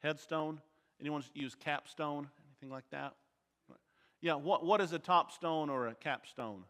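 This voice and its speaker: Bright-voiced man teaching a Bible class. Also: fairly high pitch, unhurried. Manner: quizzes the class with questions. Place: church auditorium. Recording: long hall reverb.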